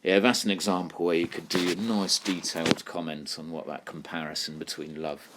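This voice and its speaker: A man teaching a poetry lesson, explaining terms and reading lines aloud slowly. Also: sits low, level tone, heavy background noise.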